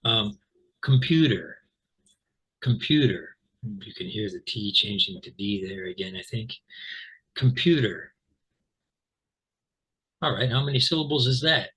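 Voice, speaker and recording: A male pronunciation teacher from Central California, USA, speaks in a low-ish husky voice with a bright edge, relaxed and packed with filler words like um and uh. He slowly repeats words for learners to hear, on a low-quality recording.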